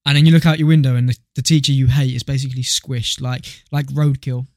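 A man's voice: medium pitch, little pitch movement, fast, a little mellow, no room sound, studio quality. A young man co-hosting a podcast in casual chat, joking, swearing freely and telling stories with relish. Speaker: podcast co-host.

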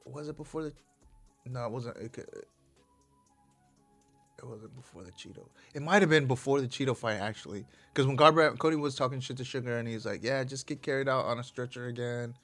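A man's voice: medium pitch, fairly quick, pauses often, a bit bright, soft background music. Rambling, swearing man chatting casually. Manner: rambling, profane, keeps correcting himself. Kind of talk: casual chat about fights.

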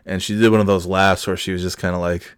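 A man with a deep, low voice talks through a casual solo podcast. He rambles and laughs at his own jokes, and he is recorded up close in a dry room with no echo. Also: little pitch movement, fast, smooth. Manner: breaks into loud mock announcer bits. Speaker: podcast host.

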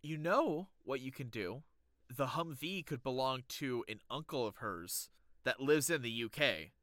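A man with a bright, crisp voice co-hosts a casual podcast chat, rambling a little and hunting for the right words as he pitches ideas. He is recorded close and dry. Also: animated, unhurried, no echo. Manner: rambling, searches for words, laughs easily. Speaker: podcast co-host.

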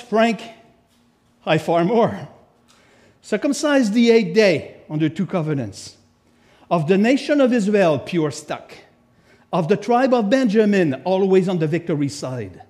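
A middle-aged man with a notably high-pitched voice, preaching a sermon to a church congregation as guest speaker. He is animated and playful, reading scripture aloud and stopping to add emphatic asides and jokes. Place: church sanctuary.

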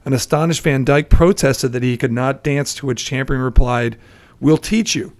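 A man co-hosting a podcast, telling film trivia in a relaxed, chatty way with fillers. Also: mid-range voice, moderate pace. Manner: chatty storyteller, many fillers and laughs. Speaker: podcast co-host.

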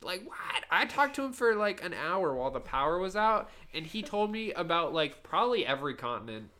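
A man's voice: a little high, very animated, a little fast, sharp tone. A young man co-hosting a casual podcast chat, telling rambling, profane stories and laughing often. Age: young adult. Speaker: podcast co-host.

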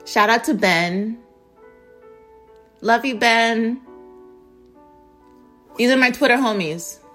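A woman hosting her own podcast, talking in a loose, rambling monologue full of swearing and shout-outs to listeners. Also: on the high side, takes it slowly, soft background music. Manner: profane, rambling, jokey. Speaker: podcast host. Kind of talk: casual monologue.

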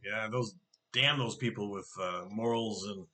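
Man, middle-aged, bright voice, sarcastic, casual political chat. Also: lowish voice, unhurried. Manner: sarcastic, mocking asides. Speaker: co-host.

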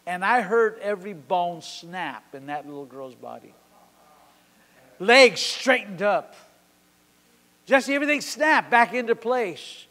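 A man in his sixties preaching a sermon at a church service. He tells a story with passion, swinging from sudden loud peaks to quiet drops. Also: high voice, lively intonation, slow, long pauses. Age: 60s. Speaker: pastor. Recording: long hall reverb.

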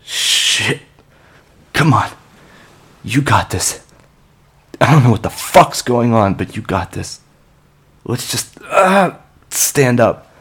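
A man voicing an injured, frantic man haunted by his dead ex, who swears and shouts in a raw, unhinged, pained way. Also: medium pitch, big pitch swings, slow, long pauses, breathy edge, voice pushed up, heavily acted. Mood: desperate. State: coughing and in pain.

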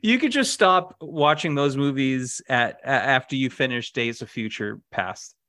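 A man's voice: mid-range voice, expressive, a little slow, pushed and bright. A man co-hosting a casual podcast, rambling with lots of fillers and restarts. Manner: acted on stage. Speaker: podcast co-host. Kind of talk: casual chat.

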